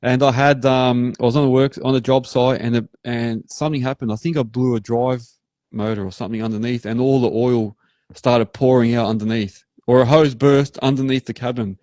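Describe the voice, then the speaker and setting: An Australian man hosting a live show, rambling through animated work stories in casual chat. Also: mid-range voice, a little fast, no room sound. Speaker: host.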